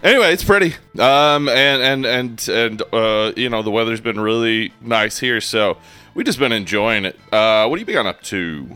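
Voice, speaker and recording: A man's voice: mid-range voice, expressive, normal speed, pushed and bright, smooth, faint music behind. A man co-hosting a podcast in casual, joking chat, laughing often and stumbling over restarts. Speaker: podcast co-host.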